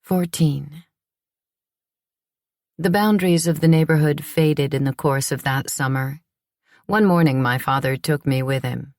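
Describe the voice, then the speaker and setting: A woman narrating an audiobook in the first person, with a measured, reflective delivery. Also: low-pitched, a little mellow, no room sound, clean studio sound.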